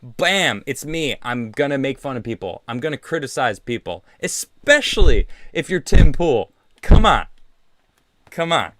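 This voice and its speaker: A man hosting his own livestream show, talking casually in a sarcastic, animated and defensive way, often laughing. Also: mid-range voice, normal speed, few pauses, dry recording, clean studio sound. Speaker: show host. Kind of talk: casual solo livestream talk. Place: vacation home.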